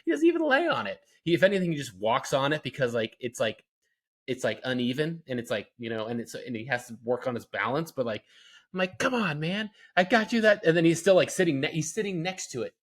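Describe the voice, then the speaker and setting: A man's voice: mid-range voice, quick pace. Chatty young man telling dad stories. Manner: animated storytelling, lots of fillers. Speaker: podcast co-host. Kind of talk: casual chat.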